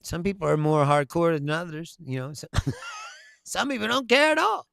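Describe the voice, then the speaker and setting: A man's voice: a little high, big pitch swings, normal speed, creaky, a bit bright, no echo. A man hosting a political commentary show, talking bluntly with lots of swearing and frequent laughter. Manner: laughs often, blunt and profane. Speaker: host.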